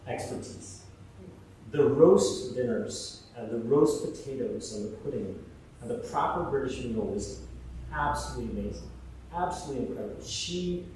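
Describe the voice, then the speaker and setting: A man's voice: medium pitch, a little mellow, slight background noise. A man giving a eulogy, fond and hesitant, with many fillers and restarts. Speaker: eulogy speaker. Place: large funeral hall. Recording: echoey hall, mic far off.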